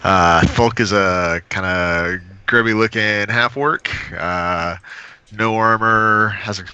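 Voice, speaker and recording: A man describing his tabletop game character in a halting way with many fillers. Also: lowish voice, pushed and bright, smooth, highs cut off. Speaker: player.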